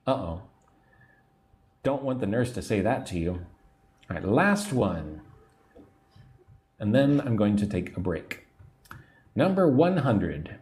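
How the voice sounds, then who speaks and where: Casting note: male English teacher, mellow low-key tone, lively pitch, patient and repetitive. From United States. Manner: slow, patient and repetitive, explaining words simply. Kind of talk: livestream English lesson, reading chat comments.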